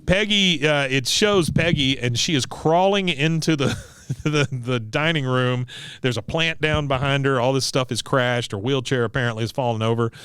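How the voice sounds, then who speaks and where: A man's voice: mid-range voice, moderate pace, a bit bright, smooth, no echo, clean studio sound. A man hosting a podcast, casually recapping a cartoon episode in a rambling, laughing way. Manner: laughing, rambling, with many fillers. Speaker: podcast host.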